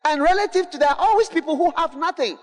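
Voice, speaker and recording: A man preaching a sermon, emphatic and repetitive, often rising to shouts and calling to the congregation. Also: extremely high pitch, fast talker. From Ghana. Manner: emphatic, repetitive, building to shouts, call-and-response. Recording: long hall reverb.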